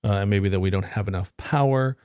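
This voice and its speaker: A man's voice: fairly low pitch, fast, a little mellow, smooth, no room sound. A man vlogging about his IT career, telling a wry, rambling story to the camera in a casual, explaining way.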